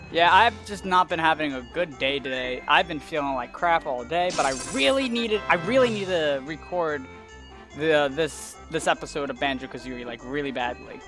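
A young man giving rambling gameplay commentary, easily exasperated and ranting at the game. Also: on the high side. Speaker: let's play commentator.

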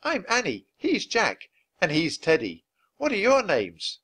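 A man's voice: sits high, pitched above the performer's own voice, full character voice. A man voicing an eager, cheerful young girl adventurer in a children's storybook reading. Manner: bright, excited and quick to act.

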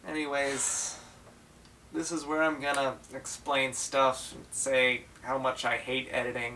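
A young man hosting a comedic solo vlog, playfully bickering with himself and jumping into higher voices. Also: flat delivery, a little slow, pushed and bright, recorded from a distance. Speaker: vlogger.

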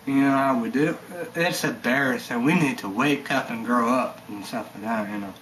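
A man's voice: mid-range voice, normal speed, a bit bright, a little hiss or hum, low-quality recording. A man giving a rambling, heated vlog rant, swearing and leaning on "you know" and "stuff like that". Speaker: energy drink reviewer vlogger.

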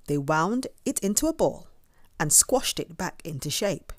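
A woman reads a children's picture book aloud, expressive and pausing to ask the young listener questions. Her voice is a little low but swings widely in pitch, and she takes her time. The recording is dry and close. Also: no echo. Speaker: storyteller. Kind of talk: children's story read-aloud.

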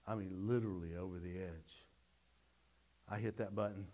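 A middle-aged man preaching a sermon, telling a personal story in a folksy way and swinging from loud to hushed. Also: deep voice, steady tone, moderate pace. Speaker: pastor.

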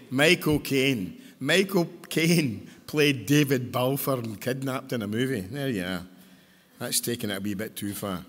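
A man's voice: medium pitch, a bit bright. Older man, Scottish accent, chatty storyteller, church talk, long hall reverb. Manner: chatty, jokey, asks the audience questions. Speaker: speaker at a church service.

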